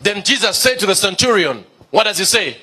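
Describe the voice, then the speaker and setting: A man's voice: high-pitched, sing-song, fairly quick, pushed and bright, slightly rough. A male pastor preaching a sermon, emphatic, repeating key phrases and asking the congregation questions.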